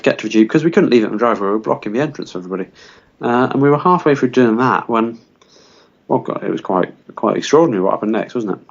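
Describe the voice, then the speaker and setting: A man co-hosting a podcast, telling an absurd story in a rambling, deadpan way. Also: medium pitch. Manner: rambling, full of fillers, deadpan. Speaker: podcast co-host. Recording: dull lo-fi recording.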